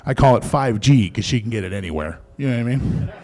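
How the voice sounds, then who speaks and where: A man's voice: mid-range voice, lively intonation, fast talker, mellow. A man doing a stand-up comedy set in a comedy club, talking in a loose, profane, conversational way. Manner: profane, conversational, mocking quoted voices.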